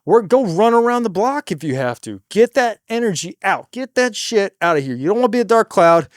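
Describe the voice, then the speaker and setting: A cover band singer with a high, light voice gives casual stage advice at a fairly quick pace, relaxed, slangy, and swearing freely. Every so often he suddenly gets loud to demonstrate stage patter. The recording is close and dry, with no room sound.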